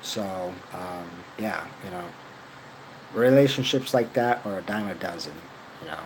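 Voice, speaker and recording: A man's voice: sits low, lively intonation, measured pace, slight background noise, poor audio. A young man telling a rambling personal story, casual and profane, full of fillers and slang. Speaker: vlogger.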